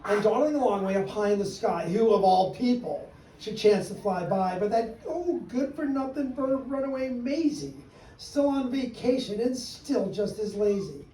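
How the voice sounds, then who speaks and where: His high, warm voice has lively intonation and a normal pace as he reads rhymes aloud to kids and leads a sing-along. He teases them playfully to get them joining in, captured by a distant mic in an echoey room with background noise.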